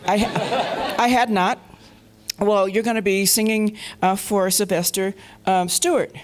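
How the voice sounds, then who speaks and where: A woman from Colorado, a panel guest, telling anecdotes in a lively way, laughing often and acting out the voices of the people she quotes. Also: medium pitch, a little slow, slight background noise. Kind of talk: anecdotal storytelling. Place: festival panel stage.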